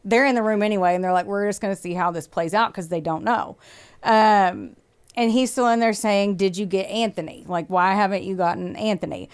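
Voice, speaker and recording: A woman hosts a podcast and walks her co-host through a true-crime story in loose, casual chat. Her voice is smooth and clear at a middle pitch, and she swears freely and slips into little acted quotes as she goes. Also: a little fast. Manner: swears freely, acts out quotes, laughs often.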